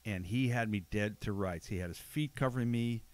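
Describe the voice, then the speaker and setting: A man with a lowish voice hosts a loose podcast conversation. He tells stories bluntly, with plenty of casual swearing. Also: fairly quick. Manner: blunt, animated storyteller who swears freely. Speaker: podcast host, jiu-jitsu black belt.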